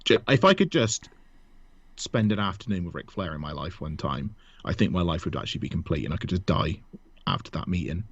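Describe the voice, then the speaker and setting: A man's voice: deep voice, lively intonation, fairly quick, a bit bright, breathy edge, no echo. Joking British man, lo-fi podcast. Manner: joking, laughs often, self-mocking. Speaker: podcast co-host. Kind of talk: casual chat.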